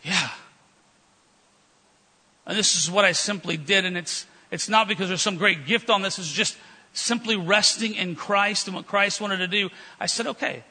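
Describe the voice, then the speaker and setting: A man's voice: sits high, normal speed, bright, forceful tone. A man preaching a fervent sermon in a church, telling stories with quoted dialogue. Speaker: guest preacher. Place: church sanctuary. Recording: long reverb of a church hall.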